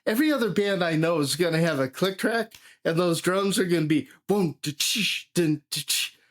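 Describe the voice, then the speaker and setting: A man's voice: high-pitched, expressive, brisk. A man hosting a live music reaction, enthusiastic, swearing and humming drum beats. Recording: music playing behind.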